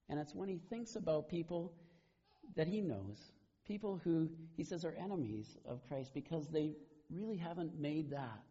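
A middle-aged pastor preaches in a relaxed, conversational storytelling manner with a fairly high voice. His tone is mellow and slightly husky. The recording is dull and lo-fi. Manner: conversational storytelling, frequent restarts. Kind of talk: sermon.

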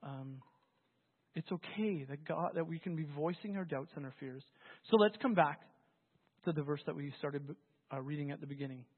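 Husky preacher on a tinny, echoey line. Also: medium pitch, moderate pace. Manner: conversational, animated storytelling with restarts. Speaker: pastor. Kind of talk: sermon. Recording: phone-like, with long hall reverb.

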